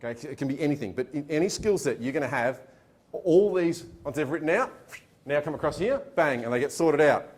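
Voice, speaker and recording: A man's voice: a little high, animated, a little fast, a little mellow. A man teaching a workshop, explaining a chart of skills with pointing words. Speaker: motivational speaker.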